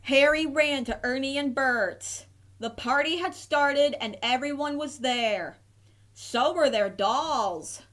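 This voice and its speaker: Woman, children's storybook reader, slow and gentle, slightly high voice. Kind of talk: children's read-aloud narration.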